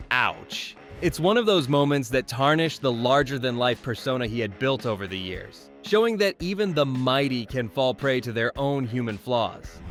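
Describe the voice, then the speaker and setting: A man's voice: mid-range voice, fairly bright tone. A man narrating a scripted commentary video in a wry, playfully sarcastic way, speaking straight to the viewers.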